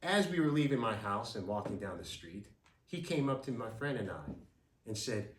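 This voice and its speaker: A man telling a story with drama and vivid detail, his voice lively and moving widely. He sits somewhat high and sounds far off in an echoing room. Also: moderate pace. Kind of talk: storytelling speech. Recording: roomy, from a distance.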